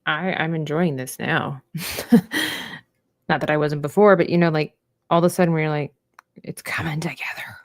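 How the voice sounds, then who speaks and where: A woman's voice: sits low, steady tone, normal speed, pauses often, no echo. A woman chatting casually as she paints on a livestream, rambling and trailing off mid-thought. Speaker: livestreaming artist. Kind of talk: casual chat while painting.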